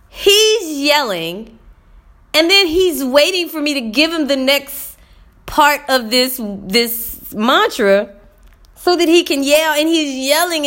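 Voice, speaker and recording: A woman teacher telling her viewers a classroom story in a casual, animated way, acting out voices and speaking to them as y'all. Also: high voice. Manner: animated, talks to viewers as y'all, acts out dialogue. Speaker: middle school teacher.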